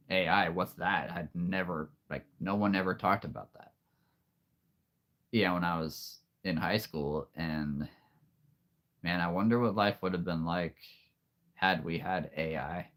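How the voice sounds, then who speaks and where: A man in his late thirties chatting casually with viewers on a live stream, easygoing and quick to laugh. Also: sits low, a bit bright. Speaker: streamer and voice performer.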